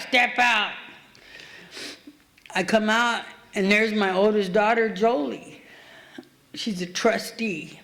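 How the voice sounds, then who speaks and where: A middle-aged woman speaking at a recovery meeting, telling her story in a blunt, streetwise, profane way. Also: mid-range voice. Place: meeting hall.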